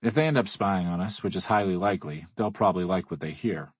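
A man's voice: deep voice, fast talker, husky, no echo. A man reading a first-person audiobook in a wry, dry way. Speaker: audiobook narrator. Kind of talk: scripted first-person narration.

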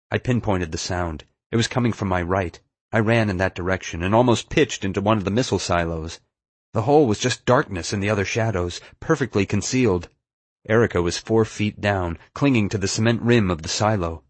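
A man reading a first-person adventure story aloud in a steady, measured way. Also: low-pitched, dry recording. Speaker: audiobook narrator. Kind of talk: scripted first-person narration.

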